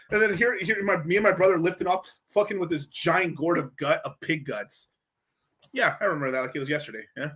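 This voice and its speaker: Bright-voiced man cursing through a casual story. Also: sits high, fairly quick. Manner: profane, loose, lots of fillers and restarts. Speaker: livestream host answering chat questions. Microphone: streaming microphone.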